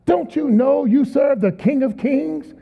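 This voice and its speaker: A man's voice: very high-pitched, unhurried, creaky. A man preaching a sermon as guest speaker, emphatic, with call-and-response to the congregation. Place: large church auditorium. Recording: tinny sound in a long-reverb hall.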